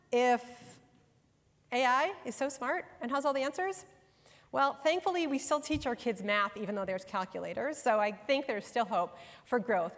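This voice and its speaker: A middle-aged New York woman, a workshop presenter and author, speaks to professionals before a live audience in a conference room. Her fairly high voice is conversational and emphatic, aimed straight at the listeners, with long hall reverb from the large room.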